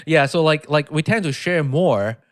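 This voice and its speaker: A man co-hosting a podcast, talking quickly and nervously with stumbles and restarts. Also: a little high, animated. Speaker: podcast co-host. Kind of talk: casual podcast chat.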